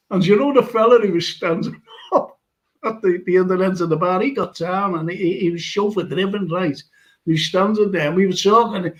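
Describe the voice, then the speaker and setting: High-voiced man telling a rambling story. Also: fairly bright tone, low-quality recording. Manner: rambling storyteller, laughs while talking. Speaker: podcast host. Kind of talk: casual anecdote-telling.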